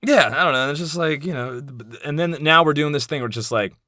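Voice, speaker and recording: A man's voice: on the high side, brisk, bright, forceful tone, no room sound, clean studio sound. A man in his thirties hosting a solo podcast, talking candidly and rambling, profane and heated when indignant. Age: 30s. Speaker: podcast host.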